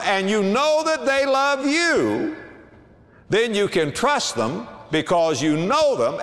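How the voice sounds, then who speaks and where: A middle-aged male pastor preaching a sermon, swinging from low, quiet asides to loud, emphatic exclamations. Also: big-room sound.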